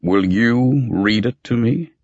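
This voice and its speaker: A man's voice: mid-range voice, no echo, pitched above the performer's own voice. A man playing an ancient, intoning librarian master. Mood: solemn. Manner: slow, grave, intoning. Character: very old male master librarian, towering and solemn. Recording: dry, slightly muffled recording.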